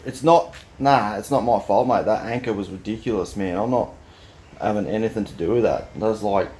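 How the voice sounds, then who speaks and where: A man's voice: fairly low pitch, normal speed, darkish tone, slight background noise. A man with an Australian accent ranting bluntly and dismissively, insisting something is not his fault. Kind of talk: mock-defensive rant.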